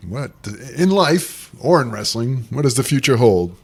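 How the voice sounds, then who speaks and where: A man hosting a casual podcast interview, speaking in a measured, reflective way. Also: medium pitch, sing-song, breathy edge.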